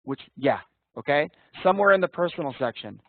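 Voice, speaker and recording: Brisk and lively in intonation, a man with a slightly high voice teaches an interview prep class over a video call, speaking bluntly and casually, occasionally swearing and calling on students by name. The tinny, dry call audio carries slight background noise.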